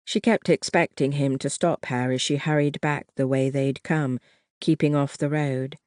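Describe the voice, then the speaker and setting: An audiobook narrator reading a historical novel in a measured, even way. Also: medium pitch, no echo, studio quality. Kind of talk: scripted narration.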